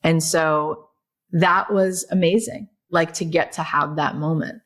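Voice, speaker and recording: A woman guest on a podcast, telling stories in a lively, chatty way, full of "like" and "right?". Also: deep voice, a little slow. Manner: animated storyteller, many fillers like "like" and "right?". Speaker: guest, author and podcast host. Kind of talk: casual podcast conversation.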